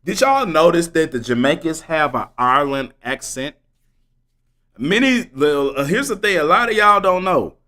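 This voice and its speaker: A man's voice: a little high, expressive, moderate pace, bright, forceful tone. A man livestreaming, talking fervently and preachily straight to his viewers in slangy speech that repeats points for emphasis. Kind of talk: live stream commentary.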